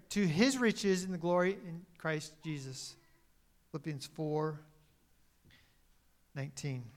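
A male pastor preaching a sermon, who swings between emphatic, louder lines and quiet, dropped phrases, and sometimes corrects himself mid-sentence. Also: high-pitched.

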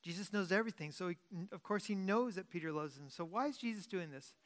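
A pastor delivering a sermon as an informal teaching talk. The voice swings from loud, pressing emphasis down to quiet, low-key asides. Sentences often restart and get corrected mid-thought. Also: fast talker.

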